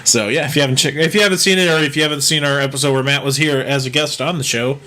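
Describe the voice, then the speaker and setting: A man's voice: fairly high pitch, fairly even intonation, rapid-fire, bright, forceful tone. A man co-hosting a casual podcast chat, rambling along with lots of fillers and easy laughter. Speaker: podcast co-host.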